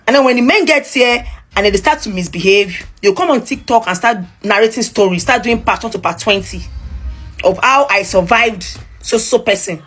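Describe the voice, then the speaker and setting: Woman, husky, exasperated social media commentary. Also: fairly high pitch, normal speed, fairly bright tone, soft background music. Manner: exasperated, repeats points for emphasis. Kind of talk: casual opinion monologue.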